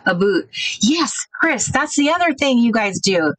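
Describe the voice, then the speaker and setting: A woman hosting a casual craft livestream, thinking out loud and chatting with viewers about their comments. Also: sits high, big pitch swings, a little slow, no echo, poor audio. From United States.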